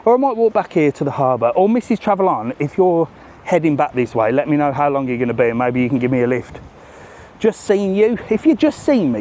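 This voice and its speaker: A man's voice: on the high side, darkish tone, a little hiss or hum. A man doing a live walking travel vlog, chatting and joking with passers-by. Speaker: travel vlogger. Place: outdoors on a seafront promenade.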